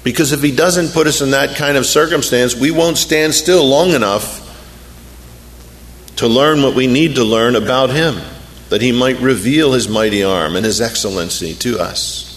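A man's voice: medium pitch, normal speed. Man preaching a sermon in a hall. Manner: animated preaching, acting out complaining voices. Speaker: pastor.

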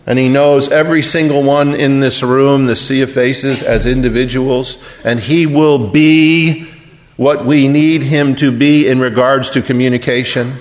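A man preaching a sermon and retelling a scripture story, dropping to a hush and then rising to emphatic peaks. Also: mid-range voice, fairly even intonation, unhurried. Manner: storytelling, wide swings from hushed to emphatic.

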